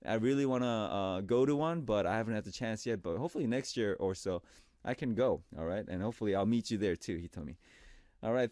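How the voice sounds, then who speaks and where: A man hosting a radio show, chatting warmly and reading listener messages on air. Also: mid-range voice, no room sound, clean studio sound. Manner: upbeat and chatty, reads messages in a brighter voice. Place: radio studio.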